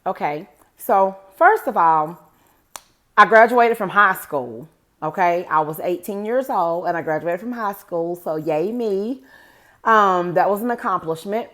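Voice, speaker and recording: A woman's voice: on the low side, animated, a little slow, fairly bright tone. A woman in her forties telling a personal story to her viewers in a chatty, rambling way, often calling them "guys". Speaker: vlogger. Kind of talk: casual storytime to camera.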